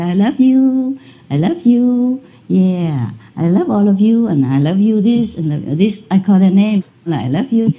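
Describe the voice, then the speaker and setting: A woman with a mellow, lowish voice gives a conversational lecture to an audience. She's a spiritual teacher telling a story and laughing often.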